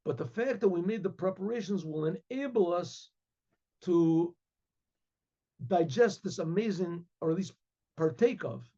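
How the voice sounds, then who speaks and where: A man, a rabbi, telling a story in a sermon with vivid, animated storytelling and hesitant restarts, on a dull lo-fi recording. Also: sits high, a little slow. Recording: dull lo-fi sound.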